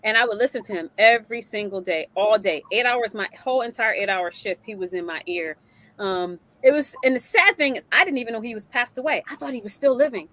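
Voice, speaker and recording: A woman co-hosting a casual talk show, animated and emotional, laughing often. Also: fairly high pitch, a little fast, dry recording, poor audio. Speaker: co-host.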